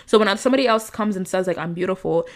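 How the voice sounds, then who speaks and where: A young woman hosting a solo podcast, giving earnest advice in a calm, chatty way full of fillers like "like.". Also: mid-range voice, quick pace, gravelly. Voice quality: calm soft-spoken voice. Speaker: podcast host, manifestation coach. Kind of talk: casual solo podcast monologue.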